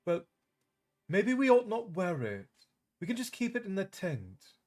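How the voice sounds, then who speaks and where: A man reading aloud, putting on the voice of a brisk, impatient teenage witch girl who sounds urgent and bossy. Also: high-pitched, huge pitch swings, darkish tone, pitched above the performer's own voice, full character voice. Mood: insistent.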